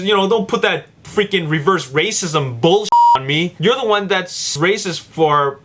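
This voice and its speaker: A man's voice: sits high, lively intonation, measured pace, few pauses, fairly bright tone, a little hiss or hum. A man hosting his own review vlog, giving blunt, opinionated takes in a casual way. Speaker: video reviewer.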